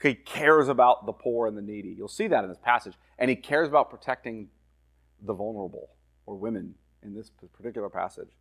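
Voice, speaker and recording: A male pastor teaching through a Bible passage in a conversational way, reading verses aloud slowly and then explaining them while often checking in with "right?" and "okay?". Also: on the low side, a bit bright. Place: church.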